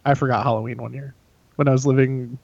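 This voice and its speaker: A man's voice: mid-range voice, level tone, fast, creaky, a little mellow, dry recording, lo-fi sound. A man chatting casually on a podcast, rambling with lots of filler words and frequent laughs. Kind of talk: casual chat.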